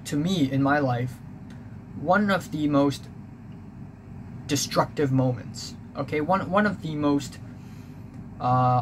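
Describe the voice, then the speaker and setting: A young man telling a personal story in a rambling, confessional way, full of fillers and restarts. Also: medium pitch. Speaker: vlogger. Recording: clear background noise.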